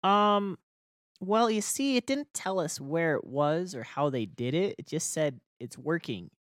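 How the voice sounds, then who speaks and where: A man plays in a tabletop game, thinking aloud in loose sentences full of fillers and quick laughs. His voice sits close to the mic and sounds dry, with no room behind it. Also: fairly high pitch, expressive, no echo. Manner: rambling, laughing, many fillers. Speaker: player. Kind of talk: casual tabletop play.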